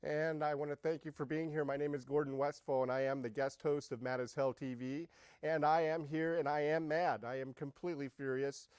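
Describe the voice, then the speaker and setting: A man guest-hosting a talk show, interviewing a guest in an excitable, halting way with frequent laughs. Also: fairly high pitch, clear, resonant tone, no room sound. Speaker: guest host. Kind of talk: casual interview.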